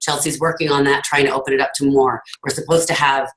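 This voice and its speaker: A woman's voice: extremely low pitch, level tone, fast talker, a little hiss or hum, low-quality recording. A woman giving an earnest, emphatic motivational talk over a video call, telling her story to her team. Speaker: team leader hosting a call.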